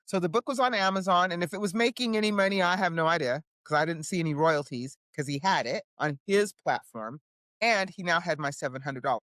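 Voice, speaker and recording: Fairly low in pitch and a little fast, this woman's voice comes through dry and studio-clean. An indie author and publisher, she recounts her story in a relaxed interview, animated, voicing the people she quotes and frequently ending lines with "right?".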